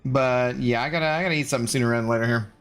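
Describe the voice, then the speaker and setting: A man's voice: mid-range voice, very fast, clean tone, soft background music. A man casually chatting with his live-stream viewers while gaming, rambling and answering chat messages. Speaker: game streamer.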